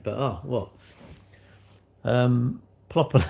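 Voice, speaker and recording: A chatty British man from the United Kingdom rants casually on a livestream he hosts, rambling and acting out little dialogues. His mid-range, slightly mellow voice has lively intonation and a moderate pace, with a British English accent.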